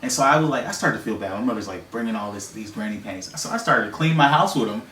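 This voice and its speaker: A trans man telling personal stories in a relaxed interview, soft-spoken and given to bursts of laughter. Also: fairly low pitch, fast talker, roomy sound, distant mic, a little hiss or hum. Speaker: interview guest. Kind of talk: relaxed storytelling.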